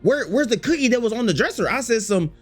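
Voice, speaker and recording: A man's voice: extremely high pitch, sing-song, quick pace, breathy edge, faint music behind. A man telling a storytime to his chat in a slangy, profane way, repeating phrases and acting out the quotes. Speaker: storytime vlogger.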